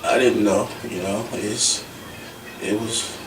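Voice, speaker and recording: A man's voice: fairly low pitch, steady tone, takes it slowly. A man giving a casual interview, telling stories animatedly in street slang and swearing freely. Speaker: interview guest, former pro wrestler. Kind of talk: casual shoot interview storytelling. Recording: echoey room, distant mic, noisy.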